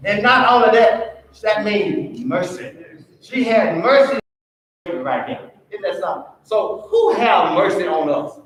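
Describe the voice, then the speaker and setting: A man teaching a Sunday school lesson, quizzing the class with questions. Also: high-pitched. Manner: call-and-response questioning. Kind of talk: church Bible lesson. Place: church. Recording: echoey church room, from far off.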